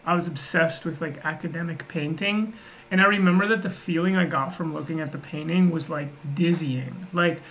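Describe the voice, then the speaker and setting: A man's voice: fairly high pitch, normal speed, fairly bright tone. A man co-hosting a casual livestream chat, telling a long story full of filler words and restarts. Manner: rambling, filler-heavy storytelling. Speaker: podcast co-host. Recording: muffled audio with faint ambient noise.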